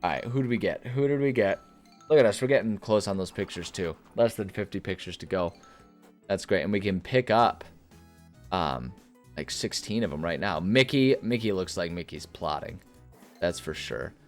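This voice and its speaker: A man's voice: deep voice, moderate pace, soft background music. A man hosting a gameplay video, chatting casually and rambling with many fillers. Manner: rambling, filler-heavy, relaxed. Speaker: gaming video host.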